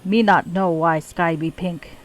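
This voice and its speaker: A woman's voice: lowish voice, fairly even intonation, unhurried, a little hiss or hum, natural voice, low-quality recording. Woman doing a mad rhyming cultist man. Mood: sing-song. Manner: speaks in singsong rhymes with broken grammar. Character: mad rhyming male cultist, broken grammar.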